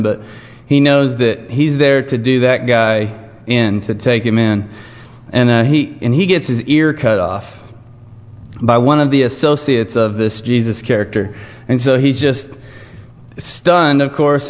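A man preaching an informal evening sermon, telling a Bible story in a relaxed, conversational way. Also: mid-range voice. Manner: conversational, storytelling with frequent restarts. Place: church sanctuary. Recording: dull muffled sound with long church reverb.

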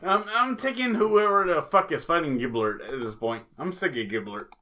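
A man co-hosting a fight podcast, ranting and swearing through profane casual chat. His voice sits high and sounds bright and sharp. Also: animated, normal speed, a little hiss or hum. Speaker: podcast co-host.

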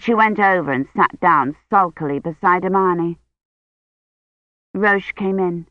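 A woman reading a novel aloud as narrator in a calm, measured way. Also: on the low side, no room sound. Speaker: audiobook narrator. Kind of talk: scripted narration. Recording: tinny phone-like line.

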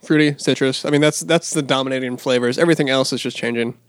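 A man's voice: medium pitch, fairly even intonation, quick pace, dry recording, studio quality. A man co-hosting a casual beer tasting podcast, rambling and stumbling over words with a lot of laughter. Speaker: podcast co-host.

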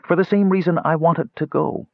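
A man's voice: on the high side, steady tone, moderate pace, creaky, no room sound, pitched above the performer's own voice. A man voicing an earnest, secretive male dwarf juggler who speaks cryptically, on a dull lo-fi recording. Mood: cryptic.

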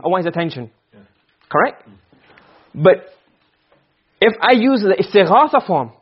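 A man teaching Arabic grammar to a class, asking questions and answering them himself, and reciting verses slowly. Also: high-pitched, husky, muffled recording. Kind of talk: classroom lecture.

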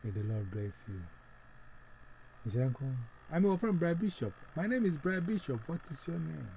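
A man's voice: fairly high pitch, sing-song, moderate pace, vocal fry, darkish tone, slight background noise, low-quality recording. A man hosting a devotional, leading a prayer and giving solemn encouragement, switching between English and Twi. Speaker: devotional radio host.

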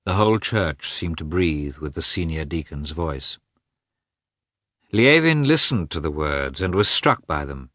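Male audiobook narrator, measured literary reading, very low voice, dry close sound. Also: lively intonation, sharp tone, no room sound. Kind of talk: scripted narration of a classic novel.

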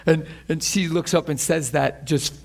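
Excited preacher guy, kinda high voice, acts out scenes and laughs a lot. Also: normal speed, creaky. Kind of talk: sermon.

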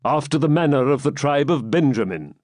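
A man voicing a calm, pleasure-loving medieval knight who speaks coolly and evenly. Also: fairly high pitch, dry recording, clean studio sound, close to an everyday voice. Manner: calm and cool, measured.

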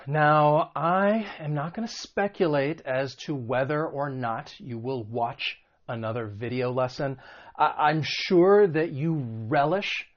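A man teaching English vocabulary in an online video lesson. He explains patiently and slowly, giving examples as he goes. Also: fairly high pitch, lo-fi sound.

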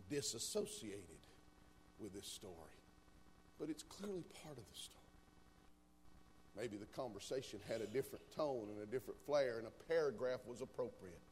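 A man preaching a sermon, moving between calm storytelling and loud, fervent climaxes. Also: mid-range voice, a little hiss or hum.

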